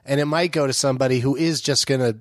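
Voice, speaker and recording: A man as a guest in casual chat, laughing often and chiming in with quick remarks. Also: medium pitch, steady tone, dry recording, clean studio sound. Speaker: comedian guest.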